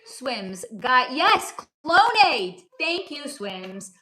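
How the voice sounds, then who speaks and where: A woman hosts a casual livestream and answers viewer comments one after another. Her voice is bright, forceful and sits a little high. She speaks bluntly and swears freely, and the room echoes around her. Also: big pitch swings, drawn-out words. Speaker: livestream host.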